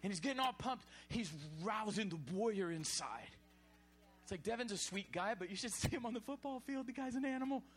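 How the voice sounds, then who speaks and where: A man preaching a sermon, animated and exhorting, sometimes shouting. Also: high voice, a little hiss or hum.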